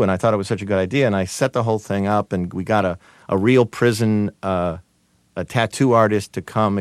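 A man being interviewed as a guest, telling stories in a halting, amused way with many restarts. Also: on the low side, no room sound. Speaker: guest, TV writer and producer. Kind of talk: conversational interview storytelling.

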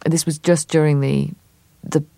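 An English actress as a radio interview guest, telling stories thoughtfully with many hesitations. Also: female voice, sits low, little pitch movement, measured pace, creaky, warm tone, no echo.

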